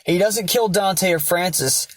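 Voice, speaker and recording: A man's voice: high-pitched, a little slow, a bit bright. A young man casually and ramblingly retelling a story, swearing and using many fillers. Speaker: vlogger.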